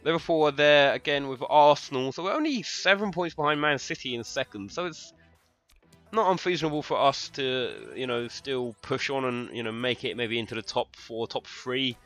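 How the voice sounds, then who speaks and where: A young man from London with a London English accent, chatting excitably to viewers and swearing freely while commentating his own football game. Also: mid-range voice, normal speed, faint music behind. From London, England. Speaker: gaming streamer. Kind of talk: live gameplay commentary.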